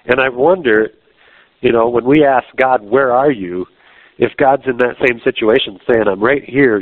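A man's voice: mid-range voice, no echo. A man preaching a sermon in a conversational, earnest way, often restarting his sentences. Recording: dry, tinny phone-like sound.

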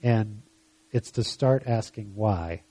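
A man with a warm, lowish voice preaches slowly, reading passages of scripture with mounting emphasis. Afterward he asks his listeners probing, reflective questions, and there is no room sound.

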